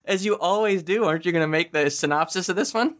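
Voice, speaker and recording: Goofy man with a higher voice. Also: fast, a bit bright. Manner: goofy, self-mocking jokes. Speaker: podcast guest. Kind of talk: casual podcast chat.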